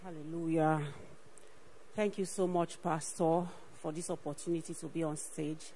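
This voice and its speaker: A woman's voice: sits low, steady tone, moderate pace, warm tone, slight background noise, poor audio. A woman, a ministry partner, gives an earnest personal faith testimony on stage, often saying "you know" and repeating herself. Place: on stage at a church program.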